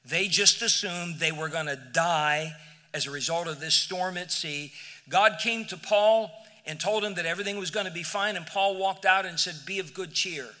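A male pastor preaching a sermon in a church, emphatic, moving from near-shouts to hushed, quiet passages. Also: high-pitched, moderate pace, long reverb tail. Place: church sanctuary.

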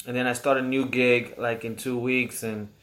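A man's voice: medium pitch, level tone, moderate pace, fairly bright tone. Young male co-host, from Puerto Rico, laid-back, swears a lot, laughs easily. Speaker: podcast co-host. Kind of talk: casual chat.

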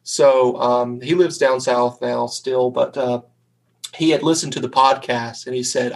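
A man's voice: mid-range voice, steady tone, a little slow, rough recording. A man from North Carolina with a Southern accent, hosting a casual podcast and asking easygoing questions. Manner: easygoing, asks questions, backchannels often. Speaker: podcast host. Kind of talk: casual chat.

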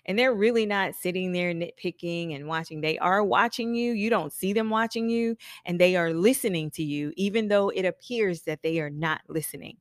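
Chatty woman with a lowish voice. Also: normal speed, hardly any pauses, no echo, clean studio sound. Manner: chatty, laughs often, acts out clients' lines. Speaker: business coach for hairstylists. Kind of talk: casual solo podcast talk.

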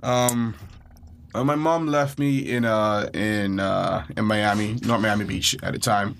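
A young man from the Bahamas, co-hosting a podcast, telling a story in a casual, animated way, acting out the panicked quotes. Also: lowish voice, a little slow, vocal fry, slight background noise. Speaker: podcast co-host.

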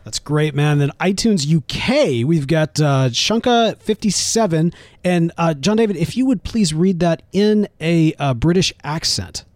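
A man's voice: on the high side, lively intonation, a little slow, a little mellow, no room sound, clean studio sound. Laid-back rambling male podcast host. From United States. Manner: laid-back, rambling, often says "man". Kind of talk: casual chat.

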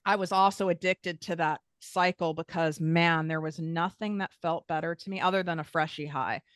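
A woman podcast guest with a fairly low voice speaks at a normal speed in a steady tone, recorded cleanly in a studio with no room sound. She talks candidly about her own past, frank and emphatic, swearing casually in this personal conversation.

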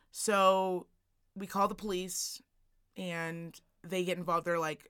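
A woman telling a story on a casual podcast. Her voice is fairly low for a woman, and it rises and falls as she acts out the people in her tale. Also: level tone, takes it slowly, bright, forceful tone, clean tone. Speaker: podcast co-host.

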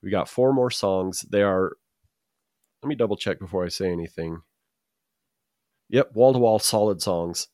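A man's voice: low voice, normal speed, long pauses, darkish tone, dry recording. A man who grew up in Utah, co-hosting a casual chat show, rambling with repeats and dry jokes. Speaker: podcast co-host.

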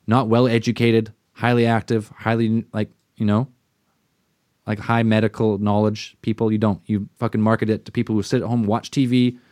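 A man's voice: fairly low pitch, little pitch movement, normal speed, a little mellow, dry recording, studio quality. A man co-hosting a podcast in casual chat, ranting with lots of swearing and mocking put-on quotes. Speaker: podcast co-host.

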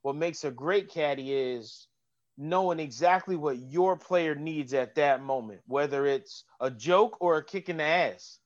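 A man, a golf caddy and comedian, telling stories in a casual chat, animated and swearing, acting out voices. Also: a little high, measured pace, lo-fi sound. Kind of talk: casual podcast storytelling.

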